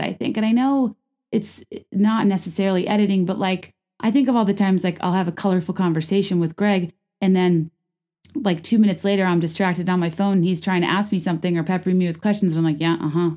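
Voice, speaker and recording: Woman podcast host, casual and rambling, lots of fillers, pitch leaps for emphasis. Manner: chatty, rambling, many fillers and restarts; lively jumps in pitch for emphasis. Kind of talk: casual chat about reality TV.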